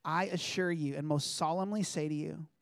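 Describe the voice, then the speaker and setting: A man's voice: on the high side, fairly even intonation, normal speed, gravelly, clean tone, no echo. A man preaching a sermon in an earnest, conversational way, reading scripture aloud and addressing the congregation directly.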